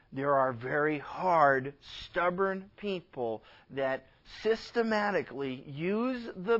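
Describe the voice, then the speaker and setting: A pastor preaching with a high voice and earnest, emphatic delivery that sometimes drops to a hush. The recording is dull and slightly muffled. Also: male voice. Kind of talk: sermon.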